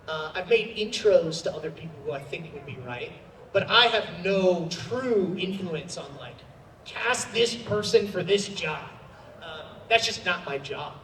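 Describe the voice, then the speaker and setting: High-voiced man answering a convention panel. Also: slight background noise. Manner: chatty, animated, with many fillers. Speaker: voice actor. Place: large convention hall. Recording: roomy hall sound from a distant mic.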